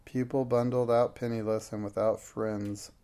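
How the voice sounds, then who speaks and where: A man's voice: mid-range voice, little pitch movement, normal speed, dark tone, lightly acted. A man reading the part of a cool, detached businessman who speaks in an indifferent, dry manner.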